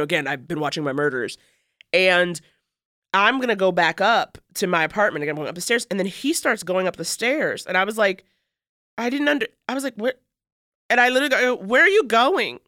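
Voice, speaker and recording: A woman's voice: lowish voice, fast, a bit bright, no echo, studio quality. A woman co-hosting a podcast, telling a story in a rambling, self-mocking way, full of fillers. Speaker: podcast co-host. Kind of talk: casual storytelling chat.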